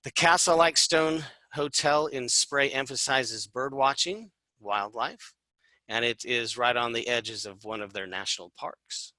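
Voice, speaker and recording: A man's voice: medium pitch, fairly even intonation, unhurried, sharp tone, no echo, low-quality recording. A man giving an informal, upbeat travel presentation, chatty, with fillers and jokey asides. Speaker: tour presenter.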